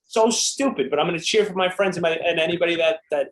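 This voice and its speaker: A man with a high voice, ranting on a podcast. He gives profane, opinionated takes. His voice rings in a roomy, echoey space. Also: fast. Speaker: podcast co-host. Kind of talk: casual podcast chat.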